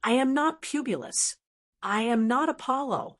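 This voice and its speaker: A woman's voice: mid-range voice, lively intonation, a little slow. A woman voicing a male god in an audiobook, proclaiming his divinity in a lofty tone. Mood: dazed.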